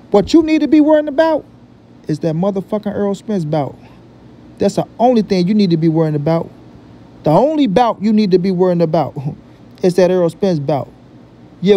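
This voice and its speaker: A man whose voice sits high, with a dark tone and a slightly fast pace, hosts a boxing commentary vlog. He gives his opinion emphatically and repetitively, full of profane street slang.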